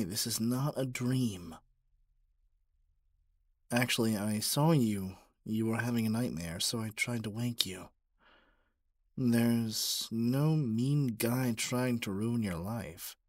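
A man voicing an obsessive young male stalker in a whispered role-play, talking softly with stammers and pleas. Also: mid-range voice, takes it slowly, pauses often, no echo. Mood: soothing. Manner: soft, stammering, pleading.

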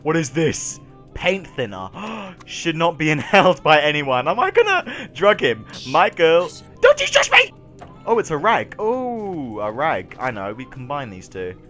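Excitable young man yelling over a game. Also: fairly high pitch, a little slow, soft background music. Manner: excitable, swings from mutters to yells. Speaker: gaming YouTuber. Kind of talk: let's play commentary.

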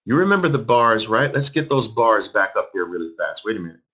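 An emphatic man in his fifties leads a live trading class, his pitch swinging up and down. His voice has a husky edge. He repeats phrases and fires questions at his listeners. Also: sing-song, a little fast, bright, forceful tone. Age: 50s. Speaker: trading instructor.

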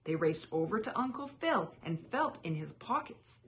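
A woman reading a children's picture book aloud as a channel host, with lively, expressive storytelling. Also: lowish voice, moderate pace, slight background noise.

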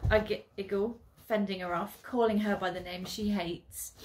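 A woman teacher reading a novel aloud with expressive delivery that rises for dramatic moments. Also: mid-range voice.

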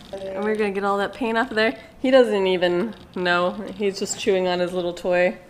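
A woman's voice: mid-range voice, steady tone, normal speed, slight background noise. A woman hosting a casual vlog at an animal park, chatting bubbly to the camera and cooing and squealing at baby animals.

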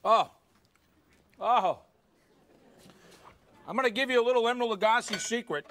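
A man's voice: very high-pitched, unhurried, fairly bright tone. A man hosting a live cooking show in a studio kitchen, exuberant and talking straight to the audience. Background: faint studio audience.

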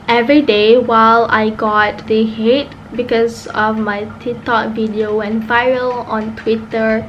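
A woman's voice: a little high, steady tone, a little slow, highs cut off, a little hiss or hum. A teenage woman with a Malaysian accent talking to camera in a casual vlog, emotional and switching between English and Malay. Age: teens. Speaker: vlogger.

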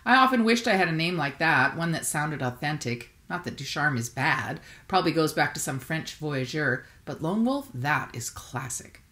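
A friendly, chatty woman dentist, as a woman reading a novella puts her on, talking steadily to a patient who cannot answer. Her voice sits low, and she keeps up an easy, teasing one-sided conversation in a storybook reading. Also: lively intonation, normal speed, hardly any pauses, fairly bright tone. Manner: talkative, teasing.

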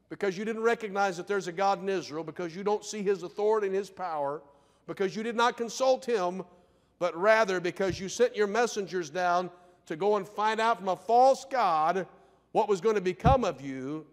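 A man pastor preaching a sermon, firing rhetorical questions and swinging between loud declarations and hushed asides. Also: high-pitched, expressive, fairly quick. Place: church sanctuary. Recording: long church reverb.

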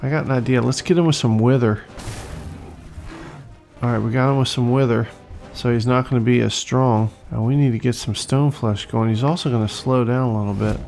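Excitable gravelly gamer man. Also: medium pitch, a little fast, faint music behind. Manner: excitable, swearing, talks to enemies. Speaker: let's play host. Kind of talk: casual gameplay commentary.

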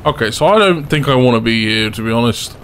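Excitable young man commenting on a game. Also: mid-range voice, fast, a little hiss or hum. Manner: excitable, bursts into loud laughing fits. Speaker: gaming YouTuber. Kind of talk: gameplay commentary.

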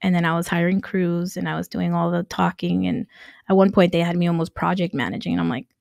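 Gravelly-voiced Nicaraguan-born woman storyteller. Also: fairly low pitch, fast, no echo, clean studio sound. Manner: animated, laughs often, acts out quoted dialogue. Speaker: guest, construction entrepreneur. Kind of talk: casual storytelling interview.

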